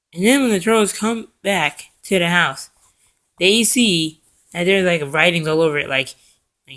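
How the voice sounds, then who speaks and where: Young man, casual recap, rambling, lots of fillers, quick character impressions. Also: a little high, bright, forceful tone. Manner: rambling, full of fillers and self-corrections; acts out characters' lines in quick voices. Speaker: cartoon episode reviewer.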